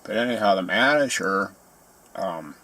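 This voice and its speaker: A man's voice: deep voice, expressive, measured pace, bright, forceful tone. A man telling grumbling, sarcastic stories in a casual ranting monologue. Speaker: vlogger.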